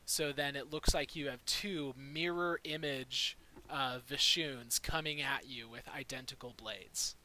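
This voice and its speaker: A man's voice: mid-range voice, steady tone, a little slow, bright, forceful tone, a little hiss or hum. A young man running a tabletop game as dungeon master, narrating in a laid-back way with many fillers.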